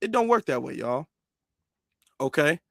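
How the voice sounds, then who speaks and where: A man's voice: fairly high pitch, big pitch swings, measured pace, gravelly, a bit bright, no echo, clean studio sound. A man ranting as a commentary vlogger, exasperated, who keeps asking "okay?" to drive his points home. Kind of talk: opinion rant.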